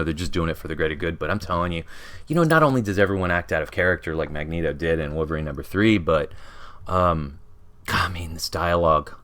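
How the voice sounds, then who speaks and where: Deep-voiced guy rambling about comics, lots of you-knows, chuckles a bunch. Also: a bit bright. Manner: rambling, heavy on "you know" fillers; chuckles often while talking. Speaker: comic book reviewer. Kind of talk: casual review vlog.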